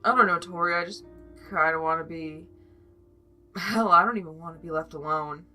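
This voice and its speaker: This is a weary, gloomy young skeleton man, voiced by a woman reading a fan story, speaking in a flat monotone. He jokes about himself without any humor, and his lines come out bright and forward. Soft music plays faintly beneath him. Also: on the low side, moderate pace. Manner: flat monotone, self-deprecating.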